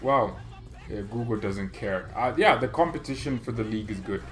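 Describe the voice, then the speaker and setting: A man hosting a fan channel stream, reading chat comments aloud and reacting with excitable, joking arguments and frequent laughter. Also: lowish voice, normal speed. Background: faint background music.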